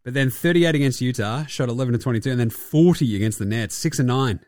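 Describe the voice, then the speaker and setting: A young man hosts a basketball chat in a loose, crude way, full of sarcasm and swearing. His voice sits at a middling pitch and sounds dry and close, with no room echo. He talks casually, like a regular host riffing to his listeners. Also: fast, darkish tone. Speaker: podcast host.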